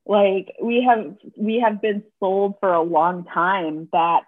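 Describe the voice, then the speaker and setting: A woman's voice: medium pitch, fairly even intonation, slow. A woman therapist, a guest on the podcast, speaking thoughtfully and often ending points with rhetorical questions. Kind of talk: casual interview talk. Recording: tinny phone-like call audio.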